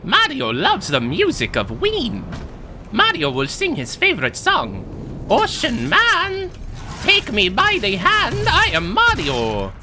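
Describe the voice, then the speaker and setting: A man putting on a crass, boastful cartoon plumber voice with bouncy high exclamations. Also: wildly swooping pitch, measured pace, sharp tone, slight background noise, full character voice. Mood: crude boasting. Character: crude boastful male plumber cartoon hero.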